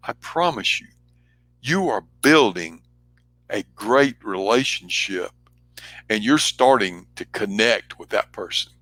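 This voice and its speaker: A man speaking as a trainer, giving an earnest motivational talk with emphatic, shifting pace and loudness. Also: mid-range voice, very animated, measured pace, no echo.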